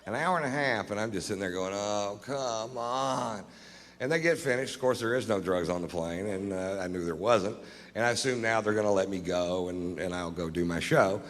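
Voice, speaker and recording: Deep-voiced deadpan male stand-up comic. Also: a little fast. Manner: deadpan, drawling, profane. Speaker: stand-up comedian. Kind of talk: stand-up storytelling. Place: comedy stage before a live audience. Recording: live hall recording with long reverb, faint ambience.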